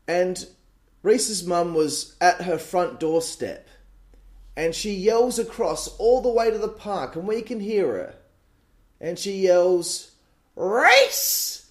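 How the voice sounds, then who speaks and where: A man in his late twenties with an Australian accent, telling crude, animated stories on a podcast and swearing freely. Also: sits high. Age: late 20s. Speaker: podcast host. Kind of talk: casual storytelling monologue.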